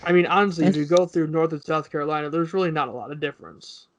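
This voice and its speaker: Higher-voiced man co-hosting a casual podcast. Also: fast, a little hiss or hum. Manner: rambling, recounts others in quotes. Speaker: podcast co-host. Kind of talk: casual wrestling chat.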